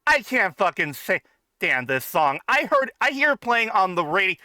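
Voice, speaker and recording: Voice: mid-range voice, very animated, normal speed, pushed and bright, no echo, studio quality. A co-host of a casual movie riff who talks bluntly and swears freely. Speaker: podcast co-host.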